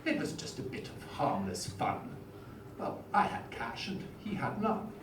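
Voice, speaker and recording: A man's voice: high voice, very animated, unhurried, voice pushed up. A man putting on a plummy posh boastful politician. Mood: smug. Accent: upper-class English (Etonian). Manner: rhyming verse recital, plummy and boastful. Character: pompous posh male prime minister, boastful rake. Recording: roomy hall, far mic, noisy.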